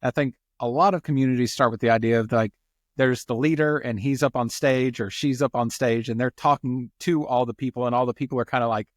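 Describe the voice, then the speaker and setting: A nasal-voiced man with an American country twang chats as an interview guest. His pitch is mid-range for a man. He talks in an energetic, folksy, self-deprecating way, recorded close and dry. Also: a little fast, no room sound, faint music behind. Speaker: guest, community founder. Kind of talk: casual interview talk.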